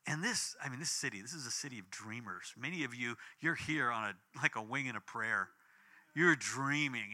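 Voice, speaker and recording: A man in his fifties preaching a sermon, telling a personal story with big swings between loud and hushed. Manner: animated storytelling with big swings in pitch and volume. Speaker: pastor.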